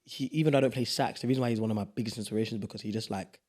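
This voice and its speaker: A young man talks fast in a slightly low voice. He's a podcast guest chatting casually, animated and playful, with quick bursts of emphasis. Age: young adult. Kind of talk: casual chat.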